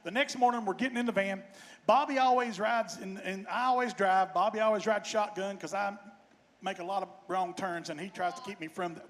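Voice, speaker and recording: A man speaks as a bandleader on a festival stage, folksy and joking. His voice sits fairly high. The stage microphone carries it into a long, ringing reverb. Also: moderate pace. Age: 50s. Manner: folksy, joking, warm-hearted. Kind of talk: stage banter and storytelling.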